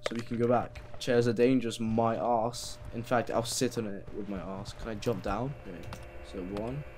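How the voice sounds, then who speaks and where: A man's voice: mid-range voice, steady tone, moderate pace. A man commentating a horror game as he plays, reading in-game notes aloud and swearing when startled. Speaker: gameplay commentator.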